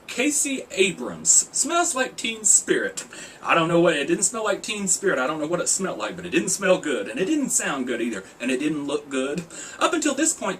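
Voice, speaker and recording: Male vlogger, sarcastic and jokey, pitch jumps all over, set back from the mic with faint room hiss. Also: a bit bright, far from the mic, low-quality recording. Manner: joking, sarcastic, laughs often. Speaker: video blogger reviewing a TV singing contest. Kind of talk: casual chat.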